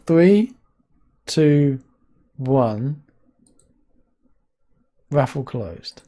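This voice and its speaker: A man hosting a casual live stream, talking to a guest and chat, laughing often and breaking into sudden high yelps. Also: lively intonation, very slow, mellow. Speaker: streamer host.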